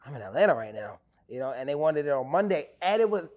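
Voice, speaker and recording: A man in his forties, a podcast guest, telling a story in casual chat, getting louder and higher as he gets excited. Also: fast talker. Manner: animated, voice climbs and gets loud when excited.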